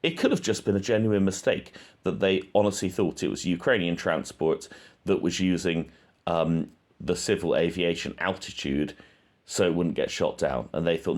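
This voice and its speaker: Man, deep low voice, casual monologue, hesitant, frequent ums. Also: moderate pace, a little mellow. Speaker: true-crime channel host.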